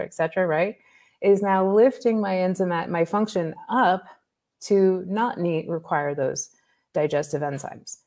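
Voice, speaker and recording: A woman naturopathic doctor, a guest on an interview, explaining health topics in a lively way with examples and asides. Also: low voice, vocal fry. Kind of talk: conversational expert explanation.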